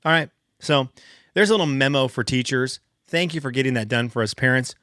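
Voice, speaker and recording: A man in his thirties, a podcast host, telling a casual story in an animated, exasperated way with big jumps up in pitch for emphasis. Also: a little fast, no room sound, studio quality.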